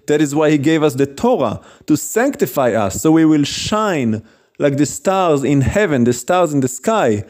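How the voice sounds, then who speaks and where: A man's voice: fairly high pitch, darkish tone. A man preaching a sermon as a rabbi, stern and scolding, with mocking asides.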